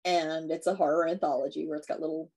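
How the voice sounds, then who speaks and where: A woman's voice: deep voice, fairly even intonation, quick pace, dark tone. A woman co-hosting a podcast, casually retelling a horror movie plot in a chatty way with lots of fillers and acted-out lines. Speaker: podcast co-host.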